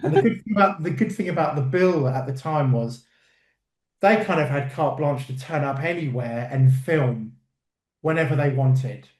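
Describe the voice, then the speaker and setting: A man with a slightly high voice tells anecdotes in a relaxed interview, acting out the people he quotes. His talk is full of fillers and restarts, and the room around him sounds echoey. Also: normal speed. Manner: animated storyteller, acts out quotes, many fillers. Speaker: actor, interview guest.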